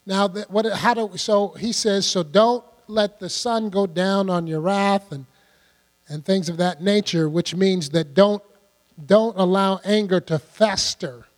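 An older man delivers a conversational sermon in a high-pitched voice, often asking his congregation questions. The recording carries a long hall reverb, and a steady electrical hum runs underneath it. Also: a little slow. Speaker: preacher.

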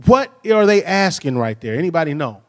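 This pastor preaches a conversational sermon full of stories, often checking in with a tag "right?" His slightly high voice swings widely in pitch and moves fairly quickly, with long hall reverb around it.

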